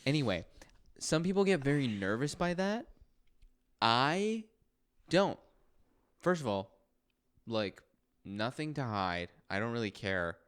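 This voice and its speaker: A young man co-hosts a podcast in easy, joking chat that wanders from one thought to the next. His voice is smooth and resonant and sits at an ordinary pitch for a man. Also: slow pace, long pauses. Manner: relaxed, joking, rambling. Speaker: podcast co-host. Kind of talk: casual chat.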